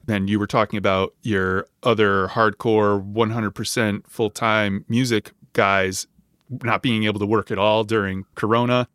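A man's voice: on the low side, a bit bright, dry recording. Friendly man podcast host, dry sound. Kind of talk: casual chat.

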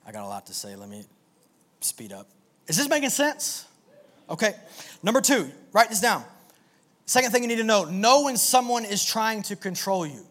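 A man preaching a sermon to a live audience in an animated, energetic way, with call-and-response. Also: high-pitched, moderate pace, pauses often. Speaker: pastor.

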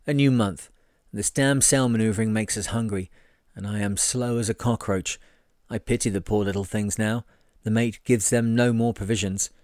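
A man reading a sailing memoir aloud in a measured, wry first-person delivery. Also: fairly low pitch, a little mellow, no room sound, clean studio sound. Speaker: reader.

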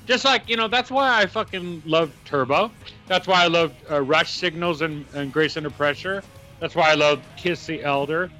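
A man's voice: fairly high pitch, moderate pace, pushed and bright. A man co-hosting a casual music chat, easygoing and defensive, with hesitant fillers. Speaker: music podcast co-host.

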